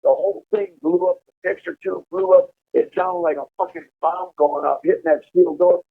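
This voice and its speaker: A man telling a profane, animated prison story over a prison phone call. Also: high voice, normal speed, creaky, husky. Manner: profane, animated storytelling, laughing at his own tale. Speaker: incarcerated caller telling prison stories. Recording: tinny phone line.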